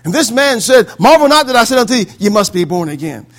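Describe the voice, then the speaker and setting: A man's voice: extremely high pitch, big pitch swings, fast talker, heavily acted. A man preaching plays an earnest male religious leader giving witness, in a rousing sing-song cadence.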